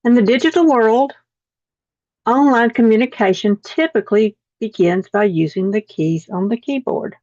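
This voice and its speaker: A woman's voice: on the high side, animated, moderate pace, dark tone, dry recording. A woman teaching a class over a video call, reading lesson text aloud and often repeating words after slips. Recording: dull, dry video call audio.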